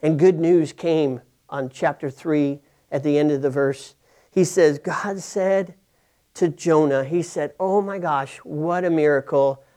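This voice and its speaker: High-voiced man preaching a story sermon. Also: a little slow, warm tone. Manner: conversational storytelling with many restarts, acting out characters' lines.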